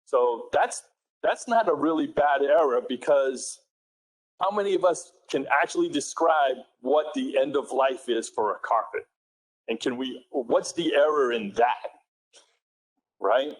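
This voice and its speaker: A man's voice: mid-range voice, a little slow, low-quality recording. Man with a New England accent presenting. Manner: conversational, self-correcting, asks the audience questions. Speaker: conference presenter. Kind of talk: technical conference presentation.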